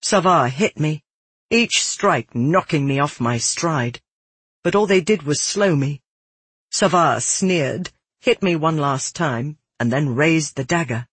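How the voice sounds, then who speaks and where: Breathy narrator reading a fantasy story, dry close sound, steady and earnest. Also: medium pitch, slow pace, no room sound. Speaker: audiobook narrator. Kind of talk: first-person fantasy narration.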